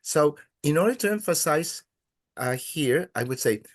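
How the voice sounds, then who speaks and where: A man teaching a beginner Spanish class. He is patient and encouraging, and he speaks haltingly with many "uh" fillers. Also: on the high side, animated.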